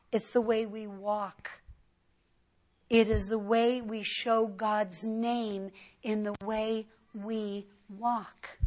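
Slow, earnest woman preaching a sermon. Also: on the high side. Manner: earnest and emphatic, often rising sharply for stress. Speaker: Bible teacher.

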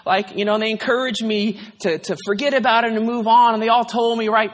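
A man's voice: high voice, brisk, few pauses. A male pastor preaching a candid, conversational sermon, sharing a personal story. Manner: candid, conversational, tearful at times, frequent "right?". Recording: long hall reverb.

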